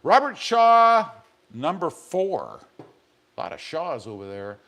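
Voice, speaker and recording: Man hosting a chatty live stream from a garage, reads comments and jokes, slightly high voice. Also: big pitch swings, slow pace, a bit bright. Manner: joking, rambling, reads viewer comments aloud. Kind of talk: casual live stream chat reading comments. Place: home garage.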